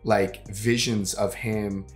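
A man's voice: fairly low pitch, flat delivery, takes it slowly, faint music behind. A man with a sick, congested voice chatting casually as a co-host of a movie reaction, rambling with lots of fillers and casual swearing. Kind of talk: casual chat.

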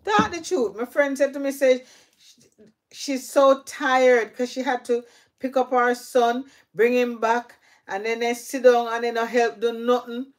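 A middle-aged woman with a Jamaican accent, a gardening vlogger, chats casually to viewers while tending her plants, often repeating herself. Her voice is a little high and steady, a little slow.

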